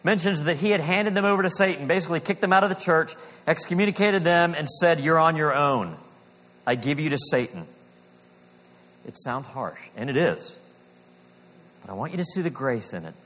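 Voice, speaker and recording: A man delivers a sermon from the pulpit, earnest and deliberate. His voice sits a little above the usual male range, and he slows down or sinks to a near-hush on the lines he wants to land. A long hall reverb rings after his words. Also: a little high, animated. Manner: earnest preaching, slows for emphasis, drops to a hush on key lines. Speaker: pastor.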